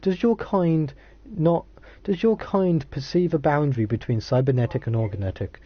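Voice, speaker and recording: A man reading aloud the lines of an alien AI voice in a game, in a flat subtitle-reading manner. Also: on the high side, moderate pace, natural voice. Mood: calm. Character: alien AI voice in a diver's head. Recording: muffled lo-fi audio.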